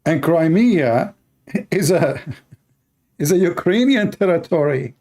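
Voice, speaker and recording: A man with a fairly high, darkish voice speaks slowly yet animatedly. He reacts angrily to a news clip in broken, non-standard English, arguing and hurling insults.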